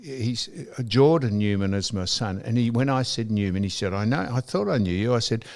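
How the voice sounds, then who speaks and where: A man's voice: medium pitch, lively intonation, fairly quick. An older Australian man co-hosting a podcast, telling an anecdote in casual chat, mimicking people and swearing now and then. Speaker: podcast co-host.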